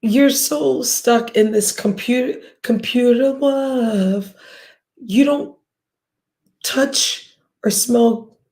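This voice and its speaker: A woman's voice: a little high, very slow, a little mellow. A woman hosting a livestream, ranting bluntly and profanely at her viewers with scoffs and sighs. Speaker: livestream host.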